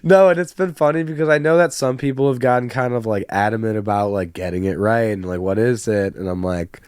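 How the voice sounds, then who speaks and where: A man's voice: medium pitch, a little mellow, clear, resonant tone, no room sound, clean studio sound. A man, a music producer, chatting casually on a podcast, laughing often and filling with "like". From Chicago. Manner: giggly, laughs often, many fillers.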